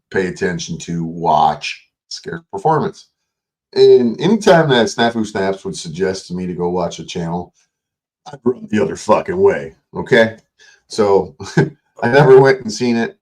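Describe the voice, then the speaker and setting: Hosting a livestream late at night, a man with a low, slightly mellow voice goes off on a fellow online creator, mocking him with combative, foul-mouthed jabs.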